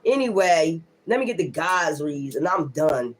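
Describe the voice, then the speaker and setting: On a casual livestream, a tarot reader rants in a low voice with big pitch swings, speaking a little slowly. She's blunt, emphatic and profane, repeating her defiant points over and over.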